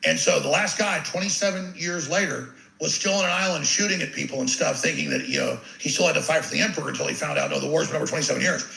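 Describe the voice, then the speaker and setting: Gravelly, intense ranting man. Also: fairly high pitch, fast talker, hardly any pauses, sharp tone. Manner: intense, ranting, repeats words when starting lines. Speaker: interview guest. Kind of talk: impassioned monologue. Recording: roomy echo.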